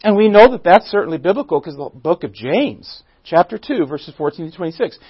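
A man with a high voice teaches a Bible passage in a church. He asks his listeners questions, stumbles and restarts, and stresses key words. The recording is dry and muffled. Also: big pitch swings, brisk, breathy edge, no echo. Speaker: pastor teaching a Bible study. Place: church room.

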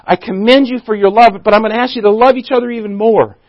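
High-voiced man teaching scripture. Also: steady tone, quick pace, no room sound, muffled recording. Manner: questioning the audience, self-restarting, emphatic on key words. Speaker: pastor teaching a Bible study. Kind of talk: conversational Bible teaching. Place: church room.

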